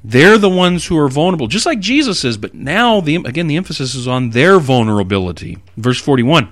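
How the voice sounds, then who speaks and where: A man preaching an expository sermon, reading scripture aloud and explaining it with animated emphasis. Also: a little high, a little fast, hardly any pauses, no echo, clean studio sound.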